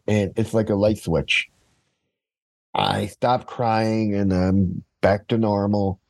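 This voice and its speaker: Casting: man, low mellow voice, relaxed storyteller, dry close sound. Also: no echo. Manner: storytelling, quoting others. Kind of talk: casual conversation.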